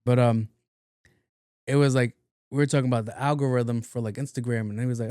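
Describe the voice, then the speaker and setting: A man's voice: medium pitch, steady tone, fast talker, mellow, smooth, no room sound, studio quality. A man hosting his own podcast in a casual, rambling, profane monologue, often repeating words playfully. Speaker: podcast host.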